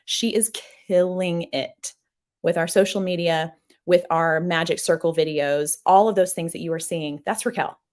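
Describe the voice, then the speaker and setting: A young adult woman hosts a casual live stream from a small office. Her voice sits a little low, but she talks in a bubbly, gushing way and reads viewer comments aloud. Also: moderate pace, darkish tone. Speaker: host.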